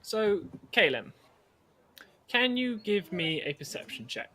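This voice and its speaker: A man runs a tabletop game as its game master, narrating in a loose, rambling way full of fillers. His voice is bright and slightly higher than most men's. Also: sing-song, takes it slowly.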